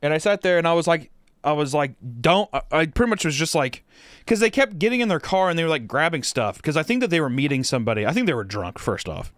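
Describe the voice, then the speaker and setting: A man's voice: fairly high pitch, very animated, fast talker, a bit bright, no room sound, studio quality. A man co-hosting a podcast, telling a story casually and profanely, rambling with lots of fillers. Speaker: podcast co-host.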